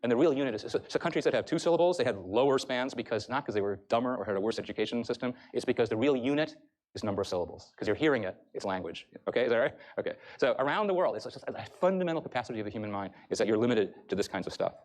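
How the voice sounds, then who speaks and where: A male professor giving a university lecture and explaining things briskly to his audience. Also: mid-range voice, expressive, a little mellow. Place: lecture hall.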